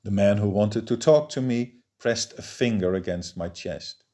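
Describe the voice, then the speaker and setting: A man's voice: fairly low pitch, a little slow, warm tone. Man reading a novel aloud. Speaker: audiobook reader. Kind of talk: scripted narration of a novel.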